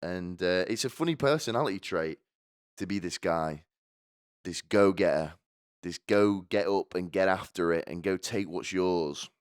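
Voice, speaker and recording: A man's voice: low voice, a little slow, clean tone, no room sound, clean studio sound. A man hosting a podcast, delivering a rambling, sardonic comedic monologue full of restarts. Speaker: podcast host.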